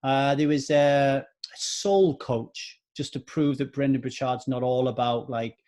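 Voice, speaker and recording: A man's voice: mid-range voice, fairly even intonation, unhurried, a little mellow. A man in his forties hosting a solo motivational podcast, earnest and repeating points for emphasis. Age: 40s. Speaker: podcast host.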